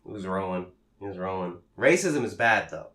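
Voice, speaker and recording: A man's voice: deep voice, normal speed. A young man co-hosting a podcast, telling work stories in casual chat and acting out the quotes with a lot of swearing. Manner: animated storyteller, acts out quotes, profane. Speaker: podcast co-host. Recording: echoey room.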